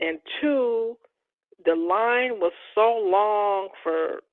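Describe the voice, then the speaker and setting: Middle-aged woman telling stories, lively, acts out the quotes, phone-thin dry sound. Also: medium pitch, drawn-out words, no echo. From Chicago. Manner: animated storyteller, acts out quoted dialogue, laughs often. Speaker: interior designer, interview guest. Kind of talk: casual storytelling interview. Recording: tinny dry phone-like line.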